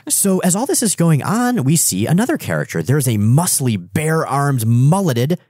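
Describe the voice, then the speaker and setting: A man co-hosting a podcast, chatting about comics in an animated, wry way. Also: on the high side, normal speed, no echo, clean studio sound. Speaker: podcast co-host. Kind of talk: casual comic-book chat.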